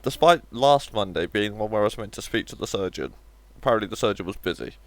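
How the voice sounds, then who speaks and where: A man with a lowish voice chats to his stream audience while he plays. His pitch swings widely as he jokes dryly and drops the odd swear. The sound is close and dry. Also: expressive, fast, no echo. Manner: wry, joking, swears offhandedly. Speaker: live streamer. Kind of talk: casual live-stream chat while gaming.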